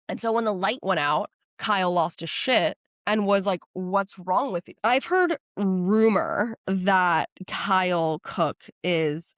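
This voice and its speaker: A young woman hosting a casual solo podcast, gushing and animated, chatting with lots of likes. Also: fairly low pitch, dry recording, studio quality. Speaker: podcast host. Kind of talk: casual solo podcast chat about astrology.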